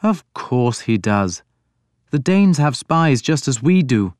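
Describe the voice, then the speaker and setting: A man voicing a scholarly king, measured, mild yet stern, smooth clear tone, dry close sound, audiobook. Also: medium pitch, big pitch swings, a little mellow, no echo, pitched above the performer's own voice. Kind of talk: audiobook character voice.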